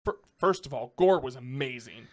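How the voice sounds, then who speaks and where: A man's voice: medium pitch, normal speed. A young man co-hosting a podcast, chatting casually about a movie and ranting with exasperation. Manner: animated, exasperated ranting with rising laughs. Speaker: podcast co-host. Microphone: podcast microphone.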